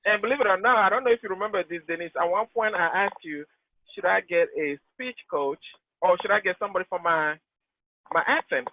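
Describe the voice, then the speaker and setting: A man in his late thirties from Togo with a Togolese accent, a real estate agent answering interview questions in an earnest, animated way. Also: high voice, fairly quick, slight background noise. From Togo, West Africa. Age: 30s. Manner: earnest, animated, with frequent restarts. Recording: tinny, dry phone-like call line.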